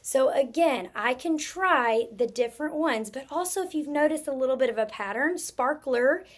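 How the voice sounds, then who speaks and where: A woman's voice: high-pitched, animated, moderate pace. A woman teaching a spelling lesson to young students, patiently sounding out words letter by letter.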